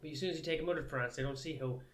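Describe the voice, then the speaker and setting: A man's voice: fairly high pitch, racing, crowd noise. An Irish man co-hosting a podcast, chatting casually with crude, rambling jokes. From Ireland. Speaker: podcast co-host. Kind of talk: casual comedic chat.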